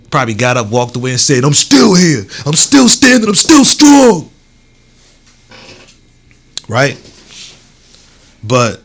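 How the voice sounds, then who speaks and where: A young adult man hosting his own podcast, talking loosely in a casual solo monologue, swearing freely and leaning on "you know what I'm saying.". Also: medium pitch. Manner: swears freely, heated then warm and encouraging. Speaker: podcast host.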